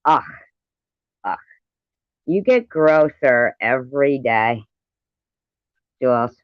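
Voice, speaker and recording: Slow, sarcastic woman doing commentary. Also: a bass voice, animated, dry recording. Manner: slow, sarcastic and scornful remarks. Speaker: commentary channel host. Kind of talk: reaction commentary over a clip. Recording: slightly dull, dry audio.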